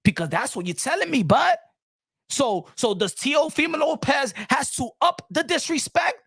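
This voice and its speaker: A man hosting a boxing channel's live stream, ranting in a loud, heated voice and repeating lines for emphasis in profane street slang. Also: extremely high pitch, lively intonation, normal speed, creaky, no echo, studio quality.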